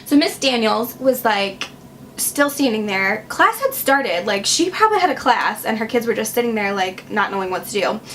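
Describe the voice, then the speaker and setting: A woman's voice: fairly high pitch, big pitch swings, normal speed, fairly bright tone, slight background noise. A young woman from Wisconsin telling a personal storytime on her vlog, chatty and sarcastic, full of "like" fillers. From Wisconsin, USA. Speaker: vlogger.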